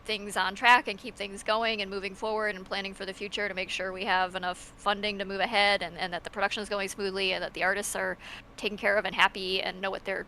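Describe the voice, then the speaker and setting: A woman in a mid-range voice talks casually on a panel about her creative work. She rambles a little and laughs easily. Her tone stays relaxed and open. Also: medium pitch, quick pace, slight background noise, poor audio. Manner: chatty, thoughtful, laughs easily. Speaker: creator of the show.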